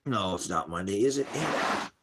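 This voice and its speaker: A man's voice: fairly low pitch, animated, moderate pace, very noisy. A man hosting an online ministry, talking wearily and rambling about his troubles in a casual vlog. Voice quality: gravelly, husky. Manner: weary, sighing, drifts between topics. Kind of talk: rambling personal vlog talk.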